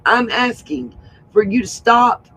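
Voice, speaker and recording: A woman hosts a livestream in a hoarse, high voice. She sounds frustrated and presses each point by saying it again and again. Faint noise hums under her voice. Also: fairly even intonation, takes it slowly, pushed and bright, low-quality recording. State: hoarse from hollering. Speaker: livestream host. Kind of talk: casual livestream talk.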